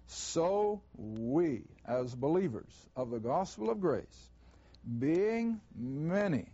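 A man leads a Bible class, working through verses at a slow, deliberate pace. His voice sits fairly high, and he stresses the words he wants the class to catch. The recording sounds dull and lo-fi. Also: a little mellow, no echo. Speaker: Bible teacher.

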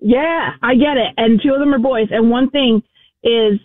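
A woman's voice: fairly high pitch, moderate pace, a loud crowd. A woman in casual chat giving firm, emphatic parenting advice over a phone line.

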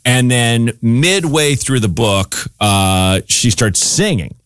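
A man guesting on a radio show, telling a funny story in a casual, animated way, often laughing and acting out what others said. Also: medium pitch, slow pace, clean tone, no echo, clean studio sound. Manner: animated, laughing, acts out quoted voices. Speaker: comedian guest.

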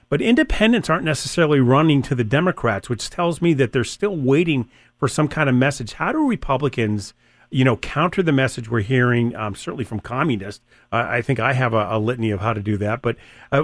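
A man's voice: medium pitch, dry recording. Talk radio host, chatty guy, joking around, dry close mic sound. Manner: chatty, joking, many fillers and restarts. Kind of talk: casual talk radio chat.

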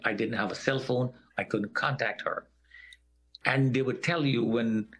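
Telling a story from his own life in an interview, this man has a medium-pitched, fairly bright tone. He performs the voices of the people involved, making his account vivid.

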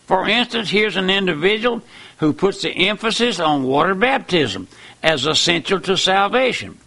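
High gravelly-voiced preacher man. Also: sing-song, moderate pace. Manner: fervent, emphatic with wide swings in loudness. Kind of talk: sermon.

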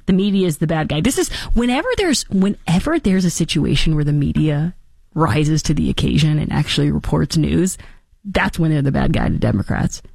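A woman hosting a political commentary show, talking in a sarcastic, animated and mocking way. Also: deep voice, gravelly, no echo, clean studio sound.

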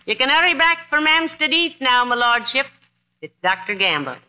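A woman's voice: sits high, sing-song, moderate pace. A woman playing a patient, dry-humored wife in 1940s radio comedy. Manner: patient, dry, calling her husband dearie. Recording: dull, hissy old radio broadcast.

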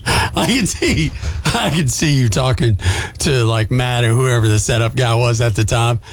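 Gravelly, husky male radio host. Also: medium pitch, normal speed. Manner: teasing, plays up the jokes. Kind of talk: casual on-air banter.

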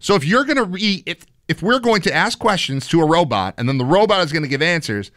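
A man co-hosting a sports talk show, arguing his point in a jokey, animated way. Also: fairly high pitch, quick pace, no echo, studio quality. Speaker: podcast co-host.

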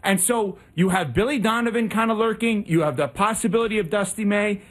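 A man's voice: sits high, fairly quick. A man hosting sports talk radio, out of breath and talking through his analysis. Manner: animated, talkative analysis.

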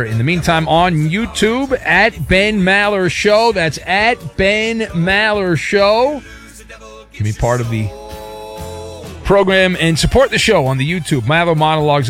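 A middle-aged man hosting a sports talk radio show, loose and jokey, bursting into shouted catchphrases. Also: a little high.

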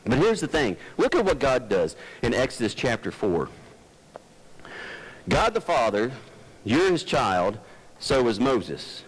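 A man's voice: mid-range voice, big pitch swings, unhurried, pauses often, slightly rough, low-quality recording. A male pastor preaching a sermon in an earnest, folksy way, climbing to emphatic peaks and then easing into personal stories.

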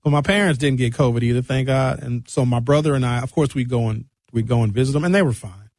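A young man doing animated stand-up storytelling, acting out quotes and jumping his pitch up for punchlines. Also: fast talker, no echo. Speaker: comedian.

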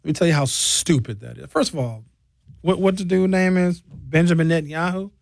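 A man delivers a comedic political rant, blunt and openly sarcastic, with an incredulous edge. His voice sits a bit high for a man. The sound is dry and close, with no room in it. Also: brisk, creaky, dry recording.

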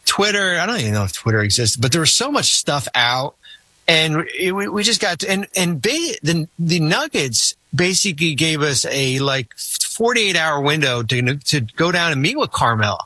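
In casual podcast chat, a man who used to be a team executive tells a long, rambling anecdote, looping back and restarting sentences with plenty of fillers and animation. His fairly high voice is bright and forward at a moderate pace, recorded close and dry with no echo or room sound.

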